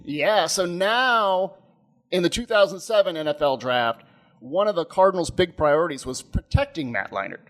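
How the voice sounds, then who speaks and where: Male co-host, 30s, higher-pitched, rambling and laugh-prone storyteller. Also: normal speed. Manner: animated, rambling, laughs often. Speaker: podcast co-host. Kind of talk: casual storytelling chat.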